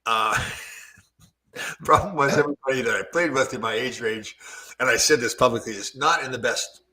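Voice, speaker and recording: A man's voice: medium pitch, moderate pace. A man in his sixties hosting a podcast, telling stories in casual chat and laughing easily. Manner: storytelling, laughs easily, animated. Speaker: podcast host.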